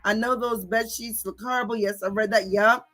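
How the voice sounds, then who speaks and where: Reading viewer comments, a livestream host rants in a bright, forceful, slightly high voice with fairly even intonation and normal speed. She curses freely, confrontationally repeating "okay?" and "bitch" to hammer her points, while faint music plays beneath.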